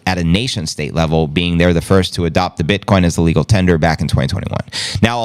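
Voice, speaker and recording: A man hosting a podcast, reading news with brash, jokey, slangy commentary. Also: mid-range voice. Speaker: podcast host.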